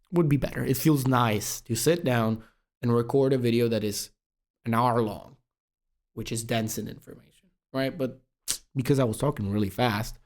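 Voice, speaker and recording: A young man hosting a self-improvement video, talking fast and casually with lots of swearing, calling the viewer bro. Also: mid-range voice, darkish tone. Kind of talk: casual monologue to camera.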